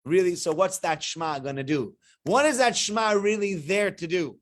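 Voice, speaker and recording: A man with a high voice teaches as a rabbi in a weekly Torah talk. He keeps asking his listeners rhetorical questions and drives each point with animated energy. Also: normal speed. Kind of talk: weekly Torah portion lecture.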